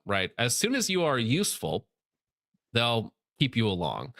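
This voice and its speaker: A man's voice: mid-range voice, wildly swooping pitch, unhurried, creaky, a bit bright, no echo, studio quality. A man hosting a casual commentary show, reading posts aloud and mocking them sarcastically. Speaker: show host.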